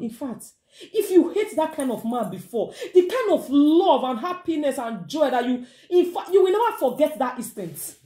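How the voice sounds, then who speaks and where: Nigerian woman vlogger, lively storytelling advice, slightly high pitch, echoey room. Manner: animated, acts out quoted voices, mixes in pidgin. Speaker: vlogger giving relationship advice. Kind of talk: casual advice monologue.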